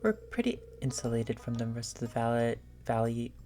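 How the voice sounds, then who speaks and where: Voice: mid-range voice, very animated, moderate pace, warm tone, a little hiss or hum, close to an everyday voice. A gamer reading a game's dialogue aloud as a friendly, reflective village woman. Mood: musing. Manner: reads game dialogue aloud.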